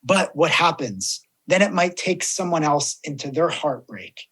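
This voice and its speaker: Animated man telling stories on a podcast. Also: a little high, measured pace, breathy edge. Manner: animated storyteller, acts out quoted voices. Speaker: death doula guest. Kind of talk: casual podcast chat.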